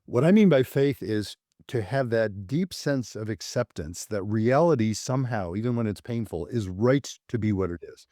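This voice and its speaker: A man's voice: on the low side, lively intonation, normal speed, few pauses, warm tone, no room sound, studio quality. A male psychologist speaking as a podcast guest, reflective, illustrating his points with quoted examples from couples. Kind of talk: podcast interview.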